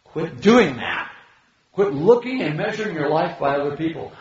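A man pastor delivers an animated sermon in a church sanctuary. His fairly high voice jumps between loud, high exclamations and hushed, low asides. The recording is dull and lo-fi, with a strong echo from the room. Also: normal speed. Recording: echoey hall, dull lo-fi sound.

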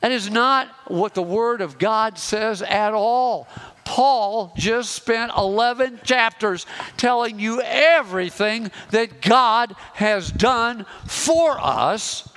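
A man preaching a sermon as pastor, slowing down and pressing hard on key phrases. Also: high-pitched, a bit bright. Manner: emphatic, slows and rises on key phrases.

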